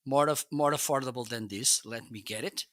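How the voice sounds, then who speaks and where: A man's voice: medium pitch, normal speed, fairly bright tone, dry recording. A man hosting a casual product review livestream, chatty and full of restarts, on a close studio mic. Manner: chatty, repeats "okay?", frequent restarts. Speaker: live-stream product reviewer. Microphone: close dynamic studio mic.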